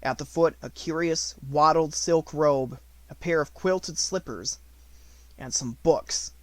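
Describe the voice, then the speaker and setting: A man reading an unabridged novel aloud as an audiobook narrator, with expressive storytelling. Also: fairly high pitch, slow pace, no room sound.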